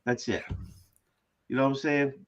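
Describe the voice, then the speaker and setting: A man's voice: mid-range voice, steady tone, moderate pace, muffled recording. A man from Massachusetts in casual chat, hesitant and often restarting his sentences.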